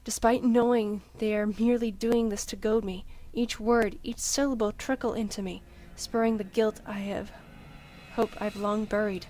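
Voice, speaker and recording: Woman reading a story game out loud, tense n dramatic, mid voice. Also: medium pitch, steady tone, moderate pace. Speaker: let's-play reader. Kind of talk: dramatic first-person game narration read aloud.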